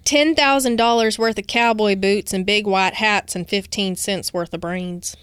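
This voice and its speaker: A woman's voice: medium pitch, steady tone, unhurried, fairly bright tone, smooth, no echo, studio quality. A woman co-hosting a podcast, telling a true-crime case from notes and dropping into casual asides. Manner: reads researched notes, breaks into casual asides. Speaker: podcast co-host.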